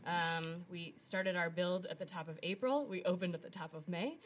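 Playful woman with a lowish voice. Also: moderate pace, slight background noise. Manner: playful, upbeat. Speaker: guest, theater co-founder. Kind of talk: casual banter. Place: small theater stage, live audience.

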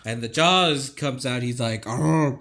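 A man's voice: fairly high pitch, very animated, slow, fairly bright tone, breathy edge. A man co-hosting a casual podcast, joking and profane in an incredulous way. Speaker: podcast co-host. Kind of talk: casual comedic chat.

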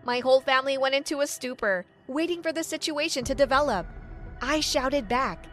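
A woman's voice: high-pitched, normal speed, fairly bright tone, faint music behind. A woman narrating a first-person story in an earnest, dramatic storytelling manner.

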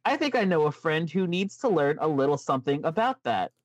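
A man's voice: on the high side, big pitch swings, fairly quick, no room sound, muffled recording. A man doing a creepy sing-song children's host with a put-on Southern drawl. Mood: eerie sweet. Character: impression of a wrestler's eerie children's-host persona.

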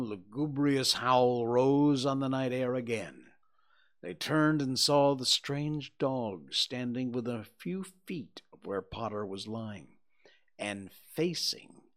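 Slow, measured male audiobook narrator. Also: medium pitch. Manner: slow, measured, dropping to a hush at tense moments. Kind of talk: scripted narration of a novel.

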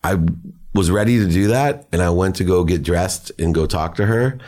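A man's voice: low-pitched, normal speed, a little mellow. A middle-aged man, a podcast guest, telling personal stories in an earnest, emotional way. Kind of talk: personal storytelling.

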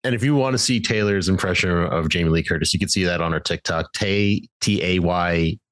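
A man's voice: sits low, fairly quick, fairly bright tone, no echo. A man co-hosting a podcast, chatting loosely and laughing often. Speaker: podcast co-host. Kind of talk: casual podcast chat.

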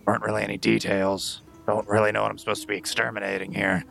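A man's voice: lowish voice, flat delivery, fast talker, gravelly, a bit bright, faint music behind. A man playing a tabletop game in character, blunt and joking. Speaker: player.

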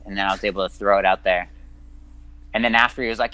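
Low-ish voiced guy on a remote call, lots of uh and you know, modest. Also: fairly even intonation, fast, pushed and bright, clear, resonant tone, rough recording. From Washington state, US. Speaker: guest fighter. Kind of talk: casual podcast interview. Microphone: remote call, audio cutting out.

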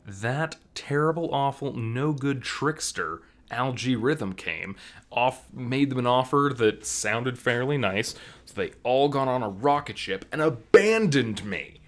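A man's voice: mid-range voice, animated, takes it slowly, a bit bright. A man putting on a grumpy male cartoon rabbit, ranting in a whiny, sarcastic way. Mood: aggrieved.

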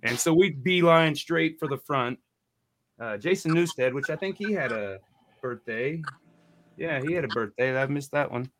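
A man's voice: medium pitch, moderate pace, a little hiss or hum. Profane rambling male storyteller. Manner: rambling, profane, animated quoting. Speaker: podcast co-host. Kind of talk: casual storytelling.

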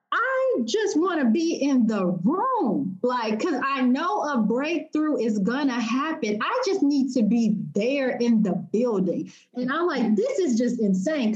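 Young woman telling her story all fired up, kinda muffled lo-fi audio. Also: mid-range voice. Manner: animated, emotional, quotes herself and others. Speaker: guest. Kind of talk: personal storytelling.

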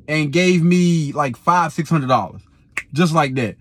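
Young male videographer, slangy animated storyteller, higher voice, dry sound. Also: normal speed, dry recording. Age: 20s. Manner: animated, slangy, repeats himself. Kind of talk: casual storytelling.

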